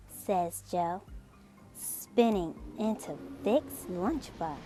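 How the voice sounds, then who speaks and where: A woman reading a children's picture book aloud in an expressive, slow storytelling manner. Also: lowish voice, faint music behind. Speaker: storybook reader.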